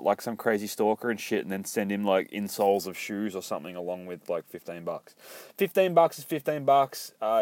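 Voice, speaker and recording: A man's voice: medium pitch, dry recording. A man, rambling through a casual, profane comic book review. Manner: rambling, swears a lot, laughs between thoughts.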